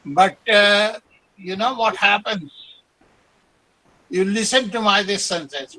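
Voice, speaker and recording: A professor speaks on a webinar video call, explaining ideas with deliberate, emphatic examples. His voice is high and bright. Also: low-quality recording. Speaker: professor answering questions. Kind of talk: webinar discussion.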